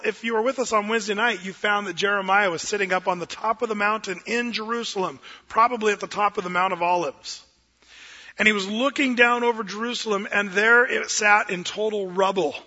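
A man preaching a sermon as a pastor, telling a folksy story with gentle self-deprecating humor. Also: high-pitched. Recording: dull lo-fi sound with long hall reverb.

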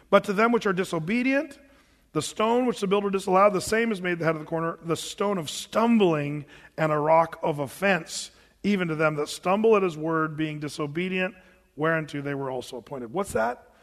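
A man's voice: sits high, a bit bright, long reverb tail. A man preaching a sermon, asking rhetorical questions and acting out scenes as he retells them. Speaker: pastor.

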